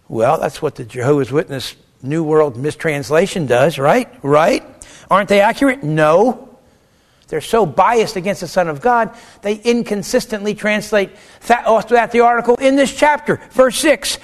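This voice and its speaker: A man lectures a class on theology, pitched noticeably high for a man. He argues both sides of a question aloud, firing off rhetorical questions and snapping back short answers. His delivery stays animated and emphatic. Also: moderate pace.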